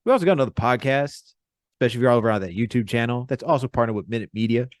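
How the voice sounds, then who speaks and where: A young man hosting a sports podcast, reading out brisk, upbeat sign-off promotions. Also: mid-range voice, no room sound. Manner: brisk, upbeat show announcements. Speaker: podcast host.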